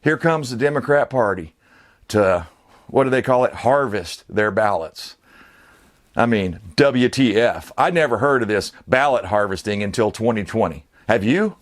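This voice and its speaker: A man's voice: mid-range voice, animated, moderate pace. A man giving a casual, rambling political rant as an online commentator, blunt and profane.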